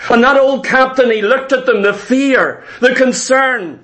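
A man with a strikingly high voice for a man preaches a sermon. He tells stories with emphasis and hammers home his points by repeating phrases, speaking straight to his congregation. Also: unhurried, fairly bright tone.

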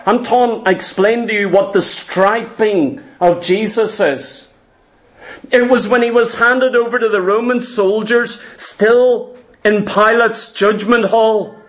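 A man's voice: high voice, steady tone, slow. A man preaching a sermon in an earnest, emphatic way, asking his listeners questions.

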